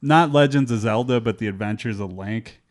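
A man in casual podcast talk, quick to laugh and full of filler words. His voice sits at an ordinary middle pitch, and he talks with lively, animated energy. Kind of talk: casual chat.

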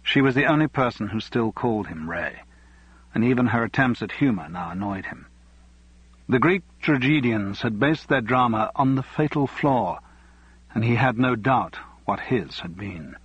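A man narrates a novel at a measured, even pace. His voice is husky and sits at a middle pitch. The dry, close recording sounds dull. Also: no echo. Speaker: audiobook narrator. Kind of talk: scripted narration.

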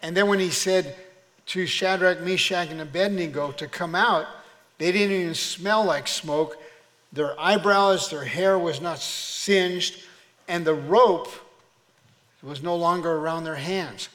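A man's voice: fairly high pitch, a little slow, a bit bright. A man preaching a sermon as pastor, exhorting his church in a preacherly call-and-response manner. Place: church sanctuary. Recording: long reverb of a church hall.

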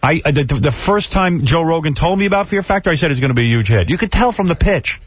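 A man's voice: fairly high pitch, animated, fast talker, husky, no room sound, highs cut off. A man hosting a radio show, bantering casually in a blunt, opinionated, teasing way. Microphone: studio microphone.

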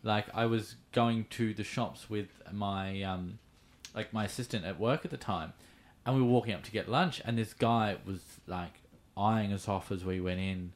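A man's voice: lowish voice, normal speed. An Australian man on a podcast who reads out a news item and then tells his own story in casual chat, with fillers as he goes.

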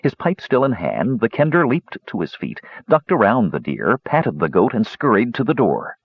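A man reading a fantasy story aloud in expressive scripted narration, giving each character a voice. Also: medium pitch, normal speed, slightly rough, dry recording, muffled recording. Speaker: audiobook narrator.

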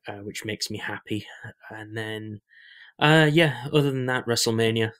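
A young man with a lowish voice, chatting casually as a podcast co-host. He rambles with many fillers and restarts, talking about whatever comes to mind. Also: moderate pace, a bit bright, smooth. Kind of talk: casual chat.

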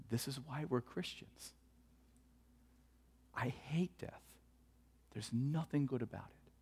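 A male pastor preaching in a church sanctuary, his mid-range voice carrying earnest stories and sinking to a hush at tender points. The sound rings with a long reverb tail from the hall. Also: medium pitch. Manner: earnest storytelling, dropping to hushed tones for tender moments. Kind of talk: sermon.

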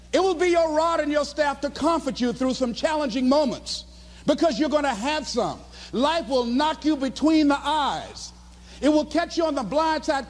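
A man giving a motivational speech in an impassioned, preacher-like way, often raising his voice to a shout. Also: very high voice, in a large hall. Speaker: motivational speaker.

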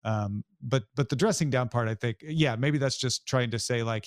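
A man's voice: medium pitch, normal speed, dry recording, studio quality. A man hosting a casual talk about a TV series, reflective, often restarting his sentences. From United States. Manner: thoughtful, hesitant restarts. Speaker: podcast host.

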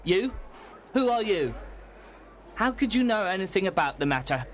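A man's voice: high voice, very animated, moderate pace, fairly bright tone, slight background noise, pitched above the performer's own voice. A man voicing a frightened, nervous little man who asks anxious questions, in a storybook reading.

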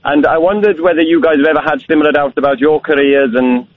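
A young man in his twenties calling a radio show in a put-on Welsh accent, energetic and stumbling over restarts. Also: on the high side, fast, no room sound. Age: 20s. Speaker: caller. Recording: tinny phone line.

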